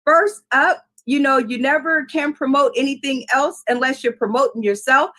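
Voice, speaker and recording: A woman's voice: sits high, moderate pace, sharp tone. A woman hosting a live comedy show, introducing comics in a playful, upbeat way. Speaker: show host.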